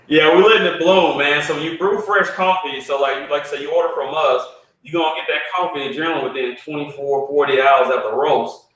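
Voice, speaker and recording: A male coffee roaster on a remote call, calmly walking through a brewing demo step by step and saying "man" a lot. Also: a little high, a little fast. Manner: laid-back, explains step by step, says "man" a lot. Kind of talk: casual chat and brewing demo. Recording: echoey room far from the mic.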